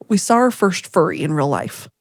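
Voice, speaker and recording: A woman co-hosting a podcast, telling a story in a casual, animated way and acting out what people said. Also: fairly low pitch, normal speed, no echo, clean studio sound. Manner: animated storyteller, acts out quoted voices. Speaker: podcast co-host.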